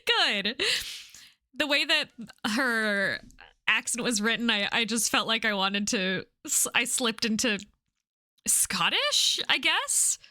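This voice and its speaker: A woman streamer talks through a game, curious and chatty, muttering and laughing as she explores. Her voice is bright and a little high, picked up by a close mic with a dry sound. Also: animated, takes it slowly, dry recording. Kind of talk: let's play commentary.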